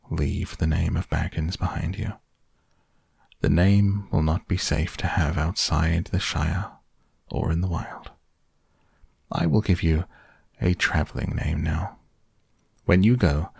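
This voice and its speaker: A man voicing a stern, wise old wizard, speaking gravely and measuredly in an audiobook. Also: low-pitched, a little mellow, no room sound, clean studio sound, exaggerated voice. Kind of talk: audiobook character voice.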